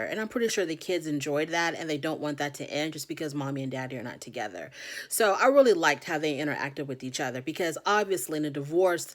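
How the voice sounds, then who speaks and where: A woman hosting a casual reality TV recap, chatty and opinionated, acting out what the cast members said. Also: sits low.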